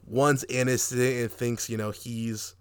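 A young man co-hosting a podcast, reviewing a movie in casual chat, animated and profane, laughing often and acting out quotes. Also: medium pitch, a little slow, clean tone. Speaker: podcast co-host.

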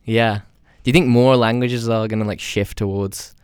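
A young man hosting a podcast in a casual chat, playful and teasing, quick to laugh. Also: medium pitch, fairly even intonation, darkish tone, clean tone, no room sound, studio quality. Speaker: podcast host.

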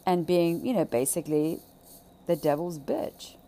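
Emphatic woman with a gravelly voice. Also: lowish voice, expressive, unhurried, slight background noise. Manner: emphatic, swearing, repeats phrases, swings between loud and hushed. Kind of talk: impassioned monologue on childhood trauma.

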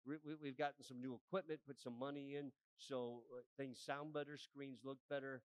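A male pastor in his forties preaching a sermon, often asking the congregation for an amen and building to loud, emphatic peaks. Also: medium pitch, level tone, moderate pace, smooth, no room sound, rough recording. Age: 40s.

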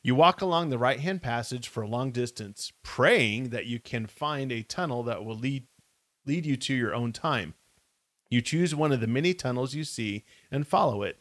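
A man reads a choose-your-path story aloud on a casual live stream, pausing to ask viewers what to do. His voice sits at an ordinary pitch. The sound is dry and close. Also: expressive, fairly bright tone, no room sound. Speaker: co-host reading aloud.

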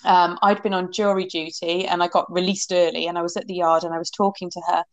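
A middle-aged woman from England, a horsemanship coach, telling her stories in an animated, rambling way as a guest in an interview, laughing often. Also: lowish voice, quick pace, dry recording. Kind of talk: casual interview storytelling.

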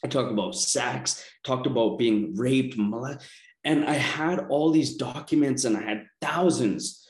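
A man's voice: mid-range voice, unhurried, echoey room. A man telling his personal story as a self-help coach, earnest and rambling, often restarting his sentences.

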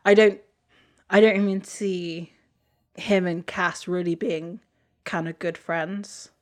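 A woman's voice: on the low side, fairly even intonation, takes it slowly. A woman co-hosting a podcast, talking through a TV episode in a thoughtful, hesitant way. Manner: thoughtful, hesitant, lots of restarts. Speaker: podcast co-host. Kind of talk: casual chat recapping a TV episode.

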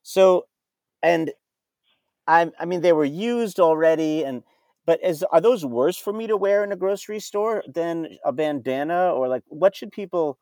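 A man in casual conversation who asks halting questions and often restarts. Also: fairly high pitch, darkish tone, dry recording, studio quality. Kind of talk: casual podcast chat.

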